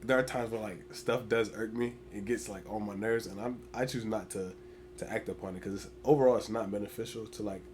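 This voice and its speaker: Young guy, quick and slightly low-voiced, animated storyteller in casual podcast chat, faint hum behind. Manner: animated storyteller, heavy "like" filler. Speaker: podcast guest.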